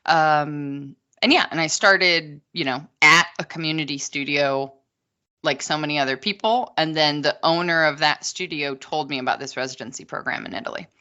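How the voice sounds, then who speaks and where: A woman's voice: low-pitched, moderate pace, sharp tone, dull audio. A woman guesting on a podcast, talking casually and at length, with many asides. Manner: long-winded, chatty, many asides. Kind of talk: casual chat.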